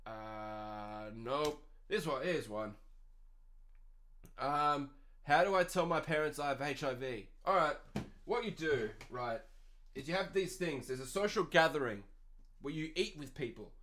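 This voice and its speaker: A man in his twenties with an Australian accent, ranting on his podcast. His voice sits a little higher than most men's, and he swears freely in an exasperated, sarcastic tone. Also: lively intonation, unhurried, fairly bright tone, a little hiss or hum. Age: 20s. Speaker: podcast host.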